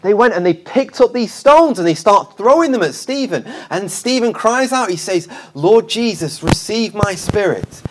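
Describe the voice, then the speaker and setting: A man preaching a sermon in a church, passionate, repeating phrases and swinging between loud and soft. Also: high voice, animated, normal speed, hardly any pauses, noisy background. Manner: impassioned, repeats phrases, rises and drops in force. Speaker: street preacher, guest speaker.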